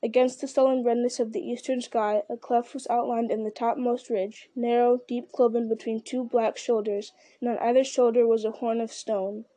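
A woman's voice: fairly high pitch, little pitch movement, normal speed, few pauses, dark tone. A woman reading a story aloud, steadily, with the occasional restart. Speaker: reader.

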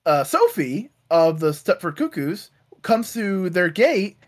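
A man casually recapping comic storylines, acting out characters in quick bits and swearing freely. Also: sits high, sing-song. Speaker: podcast co-host recapping comics. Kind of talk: casual chat.

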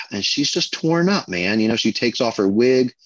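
Man, casual film chat, husky voice, dull dry recording. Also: medium pitch, moderate pace, no echo. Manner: excited, rambling, frequent fillers and restarts. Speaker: podcast co-host.

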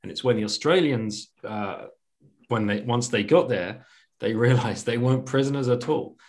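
A man's voice: mid-range voice, normal speed, darkish tone. An English man hosting a podcast, joking and rambling with plenty of restarts. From England. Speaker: podcast host.

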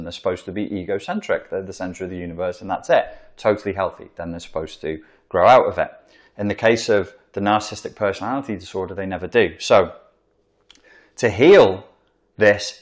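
A man giving a casual, rambling talk that explains a psychological topic, with emphatic asides and acted-out examples. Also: fairly low pitch. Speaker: commentator explaining narcissism.

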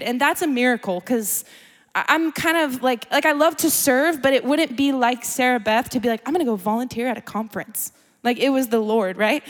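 A young woman tells a sermon as a lively personal story, chatty and quick to laugh. Her voice sits high. It rings out with a long reverb from a large hall. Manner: chatty, animated, laughs often. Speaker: speaker. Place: church gathering hall.

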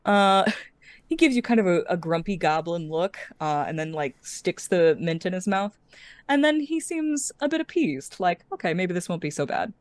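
A woman running a tabletop game, narrating in a relaxed way with casual fillers. Her voice is notably low and sounds dry and close to the mic. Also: moderate pace, no echo. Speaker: game master.

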